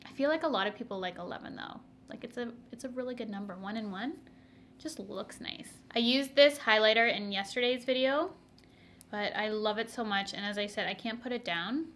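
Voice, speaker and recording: A woman's voice: a little high, fairly quick, a bit bright. Chatty young woman vlogger. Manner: chatty, laughs often, asides to viewers. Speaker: beauty vlogger. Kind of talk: chatty makeup tutorial.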